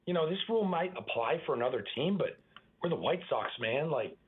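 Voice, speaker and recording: A man's voice: a little high, fairly quick, breathy edge. Young male guest from Boston, casual, restarts a lot; heard through a phone line. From Boston area. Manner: relaxed, chatty, lots of fillers and restarts. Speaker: baseball pitcher, guest.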